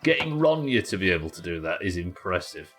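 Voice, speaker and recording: Lowish, sweary British streamer. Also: male voice, very animated, fairly quick, fairly bright tone, soft background music. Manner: chatty, sweary, talks to chat while working. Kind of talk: live gameplay commentary.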